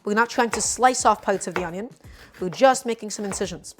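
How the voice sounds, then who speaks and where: A woman's voice: medium pitch, a little fast, noisy background. A woman with a New York accent, chatting and explaining as she cooks on a live stream and talking straight to her viewers. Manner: chatty and explanatory, often calls viewers "my friends". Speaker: cooking streamer. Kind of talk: casual live cooking demonstration.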